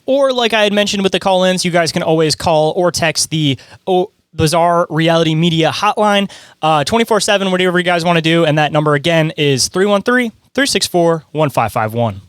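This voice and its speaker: A man's voice: high-pitched, a little fast, fairly bright tone, smooth, no echo, studio quality. A man co-hosting a podcast in casual chat, loose and chatty, laughing often. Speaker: podcast co-host.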